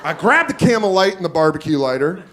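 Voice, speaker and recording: High-voiced male stand-up comic, live club. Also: fast. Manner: crude, animated, acts out other people's lines. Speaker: stand-up comedian. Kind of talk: stand-up storytelling. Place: comedy club stage before a laughing crowd. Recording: live club with loud crowd laughter.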